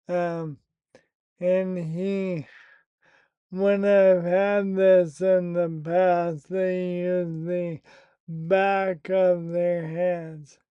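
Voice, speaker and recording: A man telling a personal story in a candid, profane monologue, slow and matter-of-fact. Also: high-pitched, flat delivery, smooth, no echo, lo-fi sound. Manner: slow, candid and profane, recounting an upsetting event.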